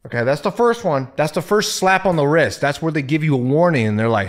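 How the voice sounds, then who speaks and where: A young gaming video creator talks through a video game in a casual let's-play style, jumpy and squeamish, often groaning, muttering and swearing at the screen. His voice is a little high and expressive, a little fast, with few pauses.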